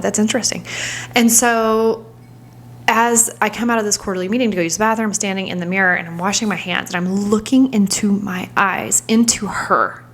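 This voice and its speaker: A woman's voice: mid-range voice, fairly even intonation, brisk, a little hiss or hum. Candid woman in her thirties, reflective. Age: 30s. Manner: candid, searching, trails off into soft whispers when reliving moments. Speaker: vlogger. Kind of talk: reflective personal storytelling.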